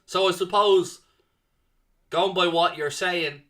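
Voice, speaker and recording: A man's voice: sits high, steady tone, slow, bright, forceful tone. A man hosting a live fan watchalong of a football match. He talks off the cuff with fillers and reads out and answers comments from the chat. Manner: chatty, thinks aloud with fillers.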